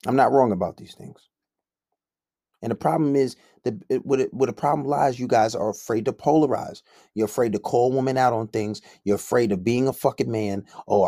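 A man's voice: medium pitch, mellow, dry recording, studio quality. A man who coaches men, delivering a blunt, combative, profanity-heavy rant. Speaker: men's coach. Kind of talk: profane ranting monologue.

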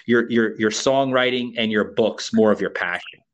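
An American podcast host from Florida chats casually with a guest, repeating himself often and saying "you know" a lot. His voice is on the low side, and he speaks at a moderate pace.

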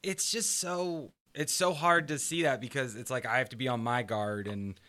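A man's voice: medium pitch, moderate pace. A man, a comedian guest, telling anecdotes about substitute teaching in a casual chat. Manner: animated anecdotes with laughs.

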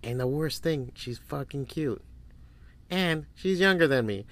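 A man's voice: a little high, expressive, a little slow, a bit bright. A man in his forties hosting a solo podcast, telling stories in a crude, rambling way and swearing freely. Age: 40s. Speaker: podcast host. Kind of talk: casual solo podcast monologue.

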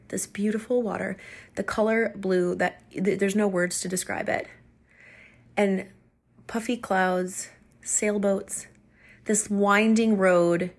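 A woman hosting a podcast tells a personal travel story in a loose, conversational way. She is chatty and animated and laughs easily as she talks. Her voice sits at an ordinary middle pitch for a woman. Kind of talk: casual storytelling.

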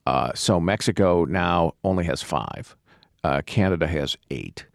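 A man hosting a political discussion podcast, his voice hoarse, talking in a halting way with many fillers and restarts. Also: low voice, dry recording, clean studio sound. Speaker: podcast host.

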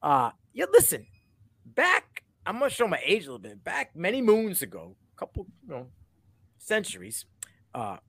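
A man co-hosting a sports podcast in casual chat, animated and rambling, laughing often. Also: sits high, moderate pace. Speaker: podcast co-host.

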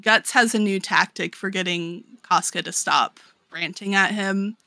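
A woman's voice: medium pitch, fairly even intonation, a little slow, vocal fry, bright, forceful tone, no echo. A woman co-hosting a podcast, recapping a story in casual chat, swearing freely and saying "like" often. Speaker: podcast co-host.

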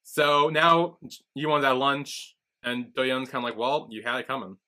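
A man's voice: medium pitch, moderate pace, bright, forceful tone. A man co-hosting a podcast, chatting casually as he retells a drama's scenes and acts out the characters' lines. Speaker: podcast co-host. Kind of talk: casual recap chat.

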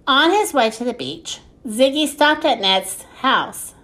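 A woman reading a children's story aloud in an unhurried, expressive way. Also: high voice.

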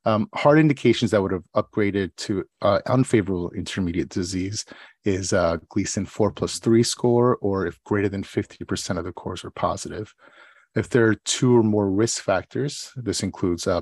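A man speaks with a fairly low voice into a close, dry podcast mic. He tells stories and answers mock exam questions in a loose, casual way, full of fillers and restarts. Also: darkish tone, slightly rough, no room sound. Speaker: podcast co-host.

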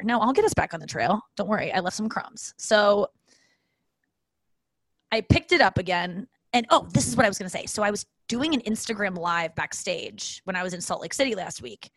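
A woman's voice: mid-range voice, a bit bright, no echo. Woman doing a solo podcast ramble, swears a lot, wanders off then pulls it back, dry close mic. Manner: rambling, self-deprecating, swears casually. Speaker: podcast host. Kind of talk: casual solo podcast monologue. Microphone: podcast microphone.

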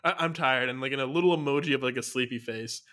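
A man co-hosting a podcast, lively and full of slang, laughing his way through a story. His voice sits at a middling pitch for a man. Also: fast talker. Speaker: podcast co-host. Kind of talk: casual chat.

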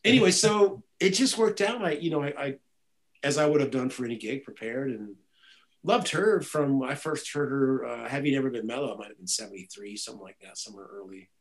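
A man's voice: mid-range voice, a little fast, rough recording. A man, a guitarist and music director, telling stories in a casual interview with many restarts. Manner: rambling, animated storytelling with many restarts.

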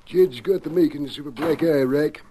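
A man's voice: a little high, normal speed, warm tone, a little hiss or hum, lightly acted. An actor playing a stern, blunt rancher father in a classic radio western. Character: stern rancher father, middle-aged man.

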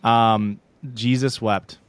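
A man's voice: on the low side, little pitch movement, slow, clear, resonant tone. A young man co-hosting a podcast, telling rambling, self-deprecating stories in casual chat and laughing often. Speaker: podcast co-host.

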